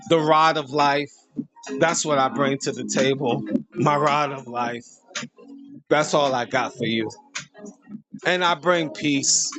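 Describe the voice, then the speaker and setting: A man rants crudely for laughs, and his pitch leaps all over the place, from high outbursts down to a low, slow drawl. He talks in an unhurried way and chuckles at his own jokes. Clear music plays behind him. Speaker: host. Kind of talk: comedic rant to camera.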